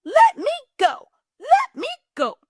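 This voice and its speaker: Woman doing a piglet, high squeal, sly pleading, storybook, dry close sound. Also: very animated, slow pace, dry recording. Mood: frightened. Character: small frightened male piglet, sly and pleading.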